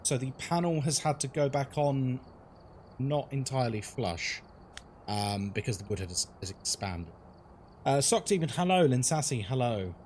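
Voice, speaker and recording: A man's voice: mid-range voice, expressive, unhurried, darkish tone, slight background noise. A man streaming a horror game, chatting casually, greeting viewers and laughing often. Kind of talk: casual live-stream chat.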